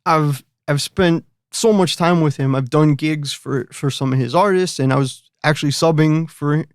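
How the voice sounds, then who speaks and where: A man's voice: a little high, normal speed, clear, resonant tone, no echo, clean studio sound. Rambling middle-aged man telling a story. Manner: rambling, lots of "you know" and restarts. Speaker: guest musician. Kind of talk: casual storytelling.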